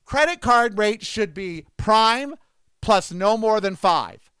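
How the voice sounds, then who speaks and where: Guy about to turn 60 ranting mad and sarcastic, high smooth voice, dry sound. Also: animated, slow, fairly bright tone, dry recording. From United States. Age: 50s. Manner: indignant, sarcastic, repetitive. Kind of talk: ranting monologue.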